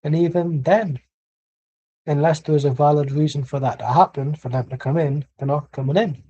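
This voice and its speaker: Brit bloke rambling through a footy watchalong at home, mellow tone, swears a lot. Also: male voice, fairly high pitch, steady tone, moderate pace, husky, lo-fi sound. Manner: rambling, blunt, swears freely. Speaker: watchalong streamer. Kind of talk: casual live match commentary.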